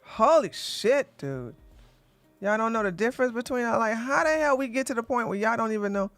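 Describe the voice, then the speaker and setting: A man's voice: very high voice, animated, fairly quick, a bit bright, no room sound, faint music behind. Profane, combative livestream man. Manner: repeats lines for emphasis, laughs scornfully. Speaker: livestream host. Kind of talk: livestream commentary rant.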